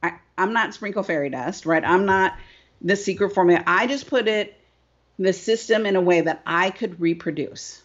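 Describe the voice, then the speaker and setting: A woman's voice: medium pitch, moderate pace. Emphatic woman coach on a dull line. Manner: emphatic, repeats phrases, asks "right?" often. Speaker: guest business coach. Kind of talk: animated interview storytelling. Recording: dull lo-fi sound.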